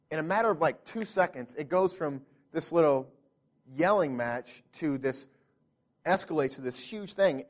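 A pastor in his thirties delivers a sermon, a bit higher-voiced than most men. He tells a story from home in an earnest way, often restarting his sentences.

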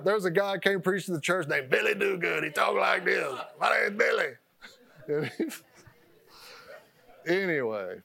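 A man preaching a sermon as pastor, rambling and repeating words, often stopping to laugh at himself. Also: on the high side.

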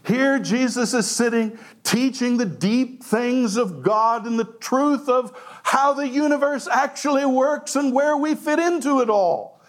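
A man preaching a sermon as pastor, animated, laughing often and acting out quoted lines. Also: extremely high pitch, unhurried, few pauses.

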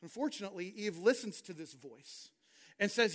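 High-voiced man preaching a sermon. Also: moderate pace, a bit bright. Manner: earnest, reads scripture and paraphrases it in a conversational preaching tone. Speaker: pastor.

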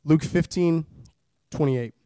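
At a church service, a preacher in his twenties delivers a sermon in a relaxed, joking style, repeating phrases to drive his points home. His voice is slightly high, smooth and resonant, with a warm tone and a slow pace. The recording is close and dry.

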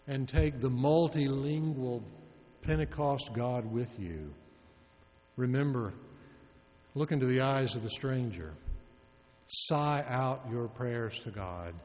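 Pastor guy preaching slow, sighs a lot between lines, big echoey church. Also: mid-range voice, a little mellow. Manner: slow, measured preaching with long sighing pauses. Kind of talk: sermon. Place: church sanctuary. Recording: long reverb of a large church.

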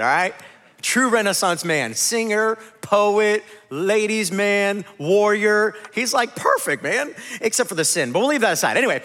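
Animated man preaching in a hall. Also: high-pitched. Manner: animated, conversational, jokes with the audience. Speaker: pastor. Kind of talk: sermon.

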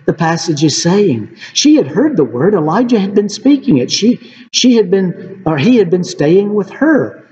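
A male pastor with a high-sitting, darkish voice preaches earnestly, frequently addressing his listeners as friends. The recording has a dull, reverberant hall sound.

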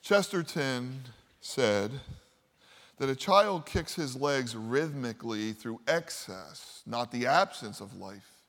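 A man preaching a sermon, telling stories and swinging from loud, lively lines to quiet, hushed ones. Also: mid-range voice, slow pace. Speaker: pastor. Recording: long hall reverb.

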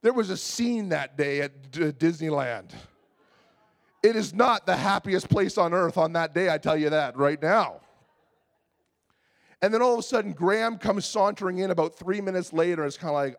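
Brief: male pastor, high voice, lively storyteller acting out his own panic mid-sermon. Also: normal speed. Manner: animated storytelling, acts out his own exasperation. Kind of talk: sermon with a humorous personal story.

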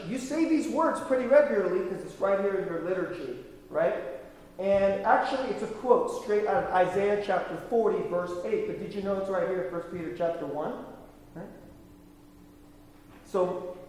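A man's voice: high-pitched, a little mellow, a little hiss or hum. A man preaching a sermon in a conversational, emphatic way, often checking in with the congregation. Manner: conversational, emphatic, frequent tag questions. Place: church sanctuary. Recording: echoey hall from far off.

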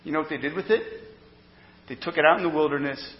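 A man preaching a sermon as pastor, emphatic, swinging between loud declarations and hushed explanation. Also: fairly high pitch, fast talker. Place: church sanctuary. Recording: dull lo-fi sound with long hall reverb.

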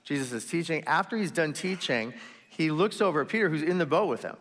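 A man preaching a sermon as pastor, telling the story in a relaxed, chatty way with asides and quick voices for the people in it. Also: on the high side, a little hiss or hum. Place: church sanctuary. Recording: long reverb of a large hall.

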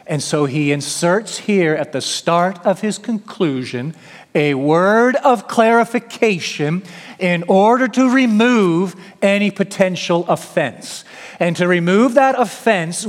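A man with a high voice delivers an expository sermon at an unhurried, deliberate pace. He is emphatic and now and then speaks in the apostle's voice to paraphrase him. His words ring with the long reverb of a large church hall. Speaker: preacher.

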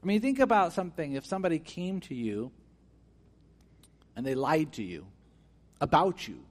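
A man preaching a sermon as pastor. He swings between hushed and emphatic phrases, asks his listeners questions and acts out quoted voices. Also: fairly high pitch, animated, normal speed.

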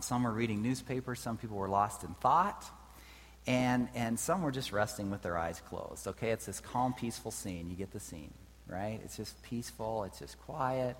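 A man preaching a sermon in a conversational way, often checking in with his listeners. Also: mid-range voice. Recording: reverberant hall with faint hum.

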